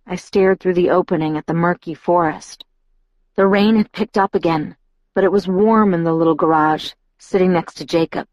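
A woman narrating a novel in the first person, steady and measured. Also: fairly low pitch, no room sound, low-quality recording. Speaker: audiobook narrator.

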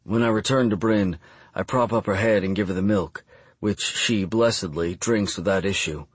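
A man reading a first-person audiobook narration in a measured, even storytelling delivery. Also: lowish voice, husky, dry recording.

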